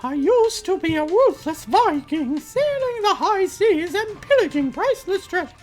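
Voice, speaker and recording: A woman voicing a brash former Viking woman, now an office clerk in a game, speaking loudly and boastfully. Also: very high voice, sing-song, moderate pace, soft background music, voice pushed up.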